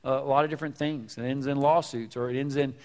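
A man's voice: mid-range voice, steady tone, fast, darkish tone. A man preaching a sermon as pastor, talking conversationally, repeating words as he goes and asking the congregation questions. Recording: long hall reverb.

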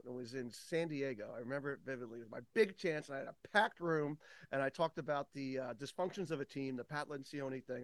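A man's voice: a little high, no echo. A man in his fifties, a day camp owner and podcast host, chatting as a guest and telling stories with acted-out quotes and free swearing. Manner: animated storyteller, swears freely, acts out quotes. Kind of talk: casual podcast conversation.

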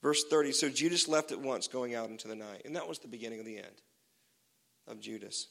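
Bright-voiced joking pastor in a reverberant hall. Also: male voice, medium pitch, a little fast, gravelly. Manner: casual and joking, many fillers. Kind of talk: sermon.

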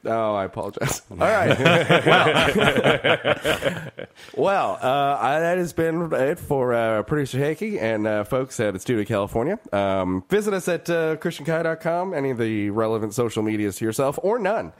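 A man's voice: medium pitch, animated, moderate pace. A man hosting a podcast in casual, jokey, rambling chat. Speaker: podcast host.

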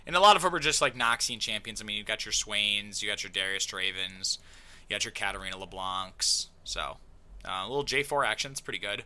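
A man hosting a casual podcast, talking in a loose, joking way full of fillers and playful asides. His voice is sharp and bright, and his pitch bounces around a lot. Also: animated, fairly quick. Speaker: podcast host. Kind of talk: casual chat.

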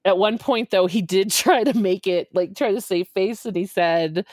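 A woman in her forties telling a story in an animated way, acting out quotes and laughing often. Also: medium pitch, unhurried, dry recording, clean studio sound. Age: 40s.

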